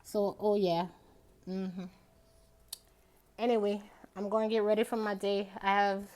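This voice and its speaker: Woman vlogger, unhurried and chatty, rambling casual delivery. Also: mid-range voice. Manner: chatty, rambling, drawls out words. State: out of breath after a bike ride. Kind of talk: casual day-in-my-life vlog.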